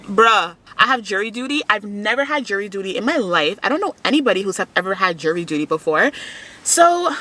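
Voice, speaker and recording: A young woman from Montreal, chatting to camera in a casual vlog and telling stories in an animated way. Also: medium pitch, a little fast. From Montreal, Canada. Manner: chatty, animated storyteller, laughs often. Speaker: fitness vlogger.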